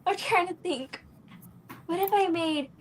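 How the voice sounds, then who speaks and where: High-voiced young woman, giggly. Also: measured pace. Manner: giggly, unsure, trails off. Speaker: guest cook. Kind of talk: casual chat. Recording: faint background noise.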